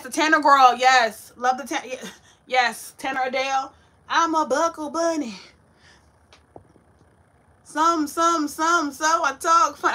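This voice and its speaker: A woman hosting a casual home-kitchen cooking livestream, chatty and sassy, talking straight to her viewers. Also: high-pitched. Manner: chatty, animated, talks to viewers, sassy Southern-flavored slang. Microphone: ring light setup.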